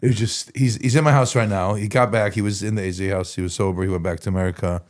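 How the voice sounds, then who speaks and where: A man's voice: fairly low pitch, fairly even intonation, fast. Rambling male podcast guest. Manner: rambling, full of "like" and restarts. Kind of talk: casual storytelling.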